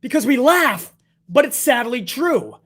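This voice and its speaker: Young adult male reviewer, high voice, profane and sarcastic ranting delivery. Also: very animated, a little slow, a bit bright, slightly rough. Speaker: wrestling show reviewer.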